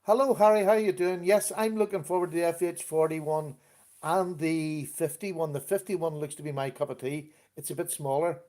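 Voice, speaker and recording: A man's voice: a little high, steady tone, moderate pace, warm tone. A middle-aged man hosting a casual live stream, chatting easily and greeting viewers by name. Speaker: livestream host.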